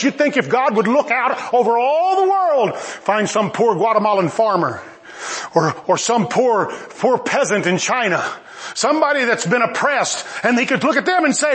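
Male preacher, high-pitched, animated and emphatic, sermon delivery with playful asides. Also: normal speed.

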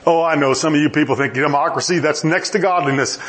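A man preaching a sermon, acting out dialogue and dropping humorous asides. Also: fast talker. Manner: animated, acts out dialogue with rising pitch and humorous asides.

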